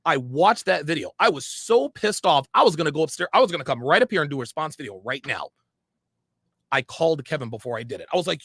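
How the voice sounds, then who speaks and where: A man telling a heated story in a profane, animated way, acting out the quoted conversations. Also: fairly high pitch, fast, breathy edge, dry recording, clean studio sound. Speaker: podcast host.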